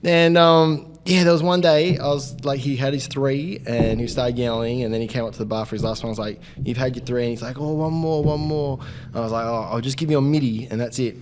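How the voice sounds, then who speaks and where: A man's voice: mid-range voice, fast talker, few pauses, a little hiss or hum. Laughing man telling stories. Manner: animated, laughing, swears freely. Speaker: podcast co-host. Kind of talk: casual storytelling.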